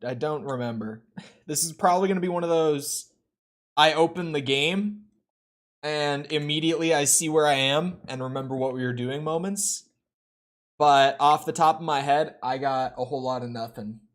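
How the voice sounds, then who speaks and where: A man's voice: a little high, moderate pace. Chatty young man rambling to himself. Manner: rambling, self-talk with frequent restarts. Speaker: streamer. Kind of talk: casual gameplay commentary.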